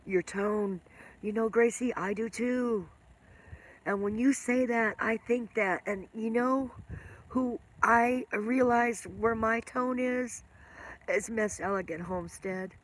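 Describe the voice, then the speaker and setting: A woman's voice: fairly high pitch, slow. An older woman hosting a casual live stream, rambling and chatting with viewers by name, with a smoker's cough.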